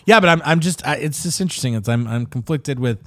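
A man in casual conversation, talking animatedly with frequent swearing and quick mock voices. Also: medium pitch, animated, fairly bright tone, slight background noise. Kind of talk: casual chat.

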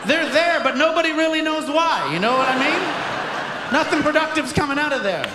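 Male comic, very high voice, punchy wry delivery, live stage recording that echoes, with crowd laughter behind. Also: expressive, fairly quick. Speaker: stand-up comedian. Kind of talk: live stand-up comedy set. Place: stage at a live taping before an audience. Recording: echoey venue with crowd noise. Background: audience laughter and ambience.

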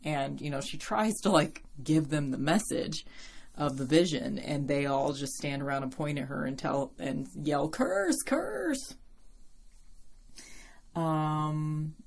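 Low-voiced woman chatting casually. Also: fairly even intonation, normal speed, vocal fry, a little mellow. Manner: rambling, chatty, laughs often, swears casually. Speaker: podcast host. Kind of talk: casual chat.

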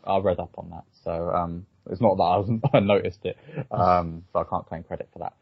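A man's voice: sits low, fairly even intonation, brisk, vocal fry, husky. A man hosting a podcast, chatting casually about films with frequent ums and restarts. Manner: hesitant, lots of ums and restarts. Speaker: podcast host. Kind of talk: casual film review chat. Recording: dull, slightly lo-fi dry sound.

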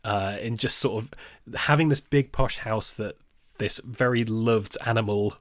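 A man's voice: lowish voice, measured pace, no echo, clean studio sound. Chatty man reviewing films. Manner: chatty, laughs often, jokey asides. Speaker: podcast co-host. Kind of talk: casual film discussion podcast.

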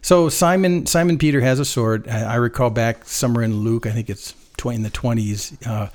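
A man in a relaxed Bible discussion, musing aloud, chuckling often and reading scripture passages. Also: medium pitch, fairly quick. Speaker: Bible study co-host.

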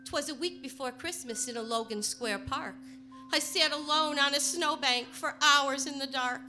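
A woman from Chicago telling a personal story, partly in rhyming verse, moving between hushed and emphatic delivery. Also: sits high, moderate pace, soft background music. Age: adult.

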